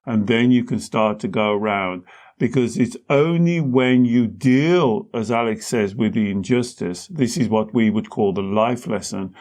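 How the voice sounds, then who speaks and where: A man, the host and therapist, calmly explaining ideas with everyday analogies in a teaching talk. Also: fairly low pitch, unhurried. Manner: calm explaining, uses analogies.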